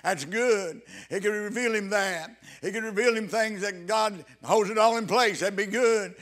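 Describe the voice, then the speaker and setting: High-voiced and fervent, this man preaches haltingly, restarting again and again while his emphasis climbs loud.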